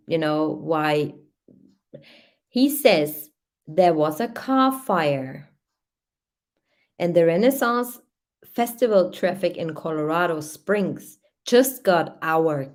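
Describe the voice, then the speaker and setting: Lady going slow through case notes, lots of um and hmm, kinda low voice. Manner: reads timeline aloud with hesitant asides and fillers. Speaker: true crime channel host. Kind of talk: reading and commenting on case records.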